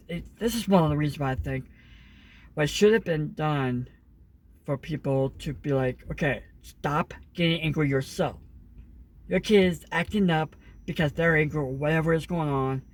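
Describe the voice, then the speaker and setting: A man's voice: a little high, moderate pace. Earnest rambling young man. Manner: rambling, earnest, many fillers and restarts. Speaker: vlogger. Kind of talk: casual opinion monologue.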